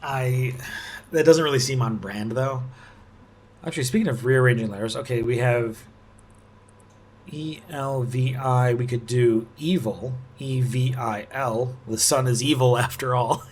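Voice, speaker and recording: A man talks slowly through a puzzle, musing and halting as he restarts his thoughts. His pitch sits in a middle range, and a faint hiss of noise lies under the recording. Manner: musing, halting, with frequent restarts and soft laughs. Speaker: puzzle-solving video host. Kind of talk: thinking aloud while solving a puzzle.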